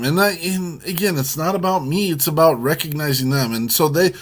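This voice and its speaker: A man's voice: a little high, normal speed, vocal fry, hardly any pauses. A man co-hosting a casual chat show, telling a long story with many restarts. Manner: rambling, warm storytelling with restarts. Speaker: co-host.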